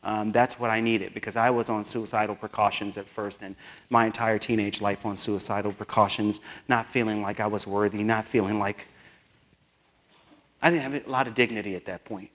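A man giving a keynote speech, telling a personal story with animated delivery and acted-out dialogue. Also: lowish voice, normal speed. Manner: animated, acts out dialogue, laughs often. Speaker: keynote speaker.

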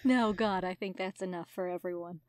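A woman co-hosting a casual book-discussion podcast, lively and giggly, with soft asides. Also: fairly low pitch, fairly quick, dry recording. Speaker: podcast co-host.

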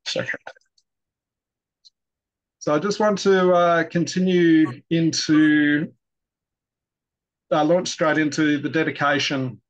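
A man introduces an event, pausing often on fillers as he speaks. His voice sits a touch high for a man. The sound is dull and lo-fi, as if the top end has been cut away. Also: steady tone. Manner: hesitant, with many fillers. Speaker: event host and guest editor.

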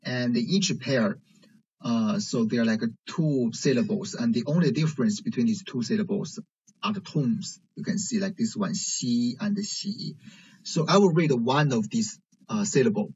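A man teaching a language lesson, explaining slowly and checking in with "right?". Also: mid-range voice, darkish tone, breathy edge. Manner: slow, careful explaining with frequent "right?" checks. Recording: dull lo-fi recording.

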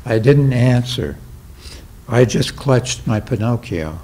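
An older man reading his own memoir aloud, with a slow, measured delivery and light voicing of the people he quotes. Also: mid-range voice, lively intonation, mellow. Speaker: memoir reader.

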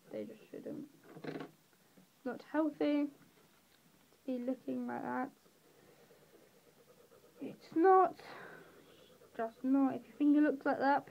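An English teenage girl from the southeast talks slowly and unhurriedly, her voice a touch higher than most, drifting into self-mocking, giggly tangents. The recording is dull and lo-fi. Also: creaky. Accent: English, southeast England. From England. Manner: rambling, self-deprecating, giggly asides. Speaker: drawing tutorial creator. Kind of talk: casual voice-over while colouring.

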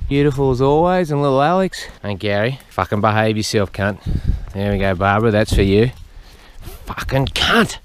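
A man's voice: mid-range voice, moderate pace, clean tone. Blunt sweary man. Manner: sweary, blunt, chatting to the animals. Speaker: farmer feeding animals. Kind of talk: profane comic monologue to animals. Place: outdoors on a farm.

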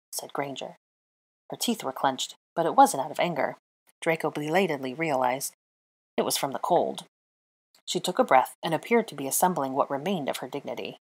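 Woman narrator, storybook reading, measured and expressive; low husky voice. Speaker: fanfiction reader.

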